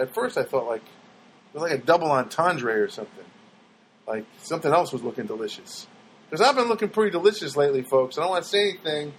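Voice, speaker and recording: Wry rambling man with a lively voice. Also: a little high, slight background noise. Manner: wry, meandering storytelling with quoted dialogue and self-mocking asides. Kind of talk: rambling comic monologue.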